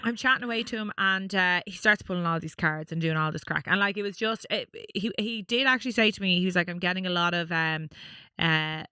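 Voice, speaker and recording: An Irish woman co-hosting a podcast, telling a story in lively, casual chat, swearing and using lots of fillers. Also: mid-range voice, quick pace, hardly any pauses, smooth, no echo, clean studio sound. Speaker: podcast co-host.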